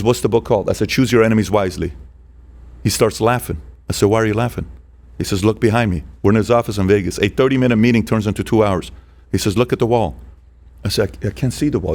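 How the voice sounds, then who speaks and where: A man talks as a guest on a podcast in a lowish voice, telling stories with plenty of drive. He leans hard into his points and acts out the lines of the people he quotes. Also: a little mellow. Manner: emphatic, acts out quoted dialogue. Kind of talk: animated storytelling.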